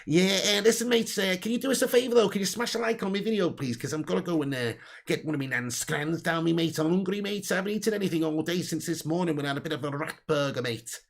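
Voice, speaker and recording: A man slips into a cheeky young Liverpool lad with a thick Scouse accent, rambling and chatty. The voice is a touch high and has a gravelly crackle, with "eh" and "mate" at every turn. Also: quick pace, few pauses. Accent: Scouse (put on). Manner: drops "eh" and "mate" constantly.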